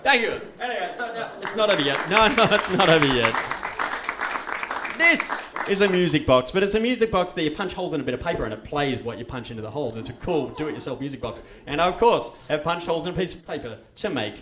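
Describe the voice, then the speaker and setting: A man with a fairly high, fast voice performs a playful comedy show, chatting with and leading a live audience that joins in. He's lively and laughing, and the stage recording is echoey, with crowd and background noise.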